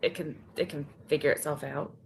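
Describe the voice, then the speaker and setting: A woman's voice: low-pitched, fairly even intonation, a little fast, gravelly, a little hiss or hum. Wry forty-year-old woman from Texas. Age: 40s. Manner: wry, self-deprecating. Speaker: guest co-host. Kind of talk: casual livestream chat.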